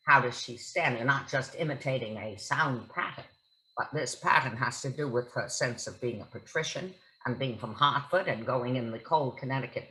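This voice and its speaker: A woman's voice: extremely low pitch, sharp tone, low-quality recording. A woman actress as a guest at a book talk, telling stories in a vivid, theatrical way. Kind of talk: onstage conversation at a book talk.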